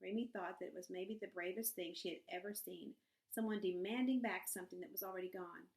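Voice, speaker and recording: A woman's voice: fairly low pitch, brisk, darkish tone, poor audio. Woman narrating a storybook. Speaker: audiobook narrator. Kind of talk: scripted narration.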